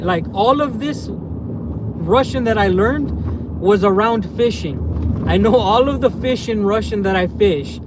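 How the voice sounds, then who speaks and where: A man's voice: sits high, expressive, a little slow, noisy background. A man from the United States chatting casually on a live stream while out in a small town, rambling and often ending phrases with "man".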